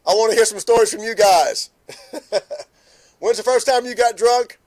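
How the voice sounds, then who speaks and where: Talking a little slowly, a middle-aged man hosts an unhurried morning live stream. His voice is high for a man, and he keeps laughing as he greets viewers by name.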